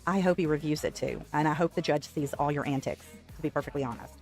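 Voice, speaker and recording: A woman's voice: deep voice, fast talker, darkish tone, soft background music. A woman hosting a commentary channel, cutting in with dry, sarcastic remarks.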